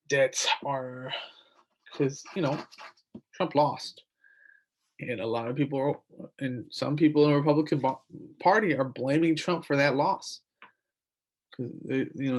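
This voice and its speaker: A young man hosting a podcast alone, rambling and indignant, with lots of fillers and restarts, saying he is tired. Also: mid-range voice. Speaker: podcast host. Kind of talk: casual solo commentary.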